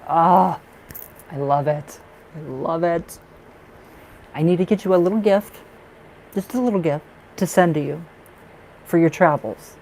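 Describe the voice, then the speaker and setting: A man doing a live tarot reading, chatty and excitable, who laughs often and fills his talk with restarts. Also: on the high side, normal speed, long pauses, slight background noise, rough recording. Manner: chatty, with many fillers and restarts. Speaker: tarot reader.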